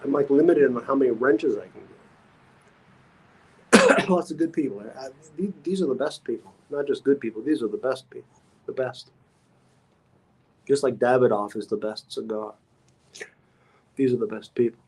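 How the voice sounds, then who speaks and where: A man's voice: mid-range voice, normal speed, pauses often, slightly rough, poor audio. A man hosting a casual livestream, reading comments aloud and rambling with repeated phrases and stammers. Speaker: livestream host.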